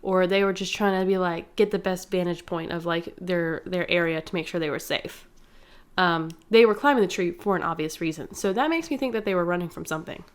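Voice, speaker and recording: A woman's voice: lowish voice, fairly quick. A young woman co-hosting a podcast, talking things through casually in a thoughtful, hesitant way with many fillers. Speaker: podcast co-host. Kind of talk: casual chat.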